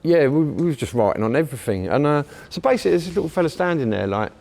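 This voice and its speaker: A man's voice: a little high, sing-song, rapid-fire, gravelly, darkish tone. A man with a London accent, a guest on a casual podcast, telling rambling stories full of swearing and fillers. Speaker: guest graffiti writer.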